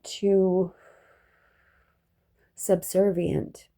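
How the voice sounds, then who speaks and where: A woman's voice: on the low side, flat delivery, extremely slow, warm tone. A woman telling a personal story in a rambling, reflective monologue, restarting often and dropping profane asides.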